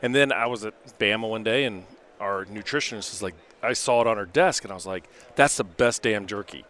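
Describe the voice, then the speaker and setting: A man hosting an interview, chatting casually and backing up his guest with quick agreement. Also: on the low side, a bit bright. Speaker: podcast host, performance coach.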